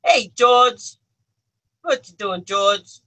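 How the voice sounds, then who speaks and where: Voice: medium pitch, lively intonation, very slow, bright, forceful tone, rough recording. A person with an Australian accent chatting casually on a livestream from their bedroom, giggling often and talking straight to the viewers through a phone on a selfie stick. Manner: giggly, chatty, talks to the chat. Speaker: livestream co-host. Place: own bedroom.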